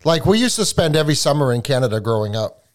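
A man's voice: fairly high pitch, big pitch swings, fast. A man from New England hosting a podcast in casual chat, stammering through restarts and joking. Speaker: podcast host.

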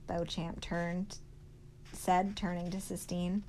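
A woman, a teacher, reading a novel aloud to her class in a steady storytelling manner. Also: on the low side, measured pace, gravelly, low-quality recording.

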